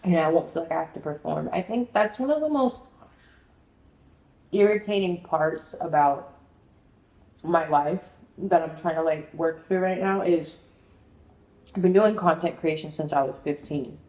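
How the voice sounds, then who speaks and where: This twenty-something vlogger's voice sits low and is a little mellow; she speaks a little slowly with long pauses. At home in her apartment she rambles, scattered and frantic, swearing and saying "like" a lot. Her recording carries echo and faint noise.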